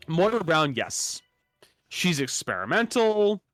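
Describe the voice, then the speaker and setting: A man's voice: on the high side, drawn-out words, vocal fry, no echo, clean studio sound, faint music behind. A man co-hosting a live stream in casual chat, rambling and laughing often. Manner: rambling, animated, laughs often, restarts words. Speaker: streamer co-host.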